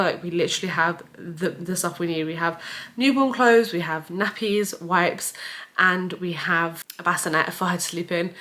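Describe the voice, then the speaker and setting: A woman's voice: mid-range voice, a bit bright. Young woman, casual chatty vlogger, mid-range voice. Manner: chatty, frequent "like" fillers. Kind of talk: casual vlog chat.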